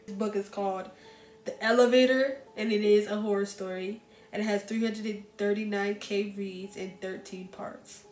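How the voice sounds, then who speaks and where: A woman chatting casually about books she recommends, animated and talking straight to her viewers. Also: medium pitch. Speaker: book reviewer. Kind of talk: casual book recommendation chat. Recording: echoey room with faint music.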